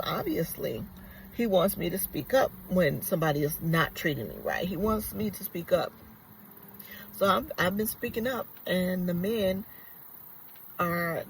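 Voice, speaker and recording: A woman's voice: fairly low pitch, creaky, a little hiss or hum, low-quality recording. A woman vlogger telling a personal story in a casual, earnest and reflective way, rambling with many fillers.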